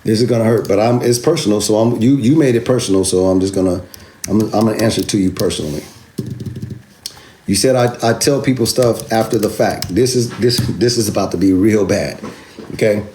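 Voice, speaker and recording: A man's voice: on the low side, a little fast, dark tone, slight background noise. A man hosting a crypto video, talking straight to the camera in an emphatic, repetitive, taunting way as he answers a viewer. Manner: addresses a commenter directly. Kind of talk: animated direct-to-camera rebuttal.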